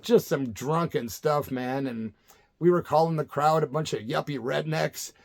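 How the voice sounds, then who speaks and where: Gravelly laid-back older man. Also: a little high, unhurried. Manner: laid-back, rambling, says "man" often. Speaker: storyteller recalling punk tours. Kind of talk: casual spoken-word storytelling.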